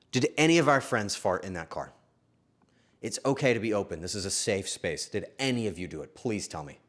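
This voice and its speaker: A young man hosting a stream, telling a story to his chat in a casual, swearing, animated way. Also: mid-range voice. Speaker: streamer host.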